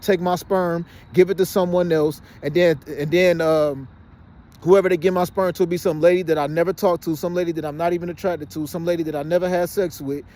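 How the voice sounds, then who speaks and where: Man, rapid insistent outdoor phone vlog, high-ish voice. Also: steady tone, darkish tone. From Detroit, Michigan. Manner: rapid and insistent, often says "you know what I'm saying". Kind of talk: casual monologue to camera. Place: outdoors by a fenced exercise area.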